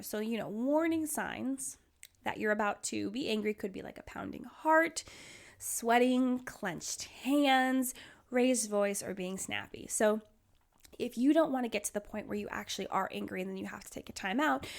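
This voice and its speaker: A woman's voice: on the high side, creaky. A young woman hosting her own podcast, giving advice in a chatty, earnest way and repeating her points for emphasis. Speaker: podcast host. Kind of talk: casual solo podcast advice.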